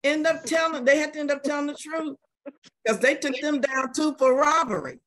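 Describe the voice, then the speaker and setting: A woman teaching an adult Sunday school class, telling a story in a lively way with many repeated words. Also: high voice, normal speed, slight background noise.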